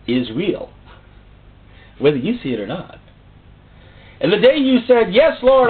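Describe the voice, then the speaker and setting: A man preaching a sermon, theatrical, full of rhetorical questions. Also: a little high. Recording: tinny phone-like sound.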